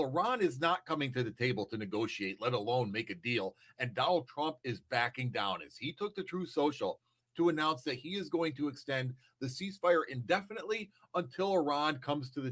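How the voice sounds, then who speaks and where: A man's voice: medium pitch, a bit bright. A man delivering an indignant political opinion monologue, speaking emphatically. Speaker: political commentator.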